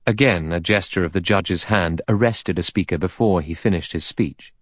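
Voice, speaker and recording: A man's voice: sits low, normal speed, few pauses, fairly bright tone, no echo, clean studio sound. A man narrating an audiobook steadily and evenly.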